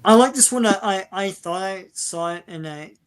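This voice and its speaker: A man's voice: high-pitched, moderate pace, clean tone. A man co-hosting a casual movie podcast, speaking hesitantly with many ums as he thinks aloud. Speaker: podcast co-host. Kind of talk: casual movie review chat.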